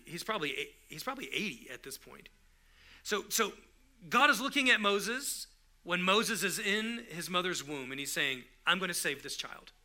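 A man's voice: high-pitched, sharp tone. A man preaching a sermon in a conversational way, often restarting his sentences and rising to emphatic bursts. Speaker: pastor.

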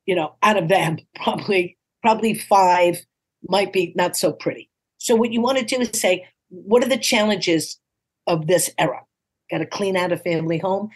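Speaking on the low side, a woman in her sixties from New York City tells stories as a comedian appearing on a podcast. In this casual interview she comes across lively, encouraging and punchline-driven, often performing quoted dialogue in playful voices.

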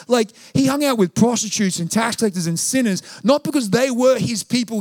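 A man's voice: very high voice, brisk, hardly any pauses, a little mellow, dry recording, clean studio sound. A young man preaching a conversational, passionate sermon in a church, full of anecdotes. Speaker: pastor.

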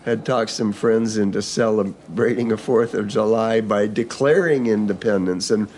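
A man's voice: lowish voice, moderate pace, a little mellow, slight background noise. An older man, a store owner and organic farmer, casually telling stories of his building in a rambling way, seated in the back room of a country store. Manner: rambling, full of restarts and asides. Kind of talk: casual conversational storytelling.

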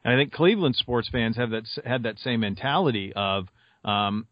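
A man from Montana, co-hosting a sports podcast and telling rambling stories in a casual, animated way. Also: mid-range voice, moderate pace, dry recording, muffled recording. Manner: animated storyteller, rambling with fillers. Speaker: podcast co-host and sports radio host.

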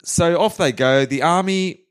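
A man co-hosting a casual history podcast, telling the story with animated flair and quick voices for the people in it. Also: on the high side, clear, resonant tone. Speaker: podcast co-host.

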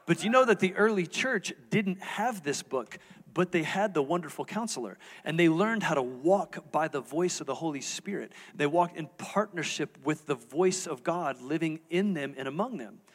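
A man's voice: fairly high pitch, expressive, moderate pace. Candid man preaching in a big hall. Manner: candid, conversational, asks the audience questions. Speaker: lead pastor. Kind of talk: sermon. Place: church auditorium stage. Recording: reverberant church hall.

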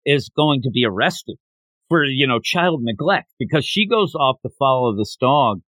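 Speaking at a moderate pace in a mid-range voice, this man hosts a podcast where he casually retells a manga chapter. He brings the story to life by acting out what the characters say, and there's no echo on the recording.

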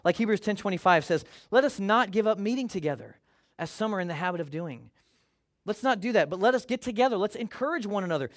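A man's voice: high-pitched, expressive, quick pace. A man preaching a sermon as a pastor, talking conversationally and acting out quoted voices.

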